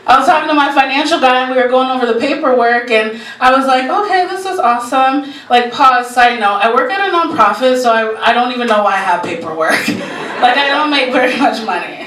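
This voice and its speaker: A woman's voice: on the high side, brisk, a bit bright. Brash, profane woman doing stand-up. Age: 40s. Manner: brash, profane, laughing at her own jokes. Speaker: stand-up comedian. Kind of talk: stand-up comedy set. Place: comedy club stage. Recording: roomy live club recording, heard from a distance, noisy.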